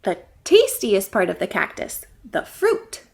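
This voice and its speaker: A woman's voice: medium pitch, huge pitch swings, unhurried, gravelly, darkish tone, heavily acted. A woman voicing a cheerful, show-off woodpecker in a picture book. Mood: chirpy.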